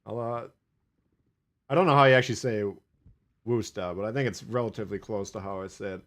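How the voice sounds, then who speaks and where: A man's voice: fairly low pitch, steady tone, quick pace. A man streaming live gameplay, chatting casually with viewers, swearing and laughing as he plays.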